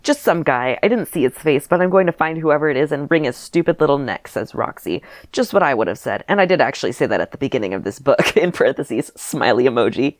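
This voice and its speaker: A woman's voice: a bass voice, animated, a little fast, few pauses, no room sound, clean studio sound. A woman reading her childhood story aloud and mocking it with wry asides and laughter. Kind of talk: comedic reading of old diary with commentary.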